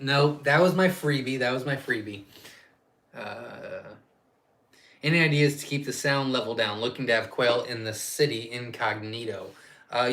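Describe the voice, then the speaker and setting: A quail farm owner hosts a casual live-stream Q&A, reading viewer questions aloud and answering off the cuff in a chatty, rambling way. His voice is medium in pitch with a fairly bright tone.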